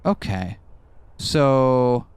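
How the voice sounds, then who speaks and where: A man co-hosting a let's-play video, thinking aloud in a halting way. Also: mid-range voice, animated, a little mellow, clear, resonant tone, no echo. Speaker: co-host playing a game. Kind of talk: casual let's-play chat.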